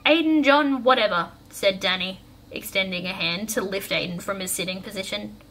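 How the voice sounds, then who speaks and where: A woman storyteller reading a bedtime story aloud in a calm, gentle way. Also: mid-range voice, a little fast, a little hiss or hum.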